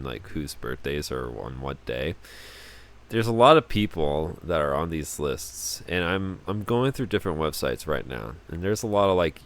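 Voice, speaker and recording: A young man with a low voice talks through a casual solo podcast. His pitch jumps around a lot as he rambles and stumbles over repeated words at the starts of sentences. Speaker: podcast host.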